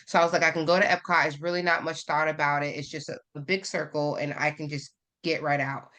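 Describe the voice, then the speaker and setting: A woman's voice: sits low, level tone, fast talker, pushed and bright. A woman guest on a podcast, speaking candidly and telling a personal story in a casual chat, with lots of fillers. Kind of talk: casual conversation.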